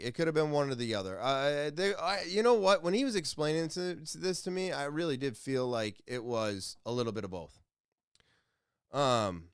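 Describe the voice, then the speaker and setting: A man's voice: a little high, fairly bright tone, clean tone, no room sound, clean studio sound. A young adult man hosting a solo podcast, talking casually and rambling a little as he explains an idea to his listeners, often correcting himself mid-sentence. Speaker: podcast host.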